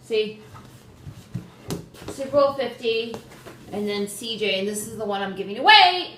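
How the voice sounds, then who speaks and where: A young woman hosting her own vlog, chatting excitedly and poking fun at herself. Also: on the high side, a little slow, pauses often. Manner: excitable, chatty, self-deprecating. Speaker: host. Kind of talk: casual vlog chat. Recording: roomy echo, faint background noise.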